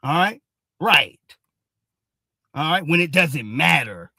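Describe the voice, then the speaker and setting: A man's voice: on the high side, lively intonation, slow, vocal fry, bright, forceful tone, no room sound, studio quality. A man hosting a ranting commentary show, heated and mocking, cursing and repeating "all right?" again and again. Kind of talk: ranting commentary on social media posts.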